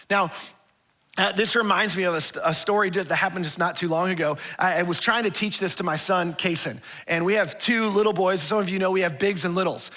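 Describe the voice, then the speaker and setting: A male pastor preaching with a high, bright, ringing voice. His delivery is conversational and lively. He often restarts and repeats words, and he acts out the voices in his stories. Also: brisk. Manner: animated storytelling with acted-out quotes. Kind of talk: sermon.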